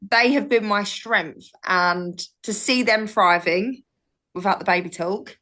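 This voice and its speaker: A woman's voice: mid-range voice, measured pace, pushed and bright. A woman, chatting casually as a podcast guest and telling stories animatedly. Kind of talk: casual chat.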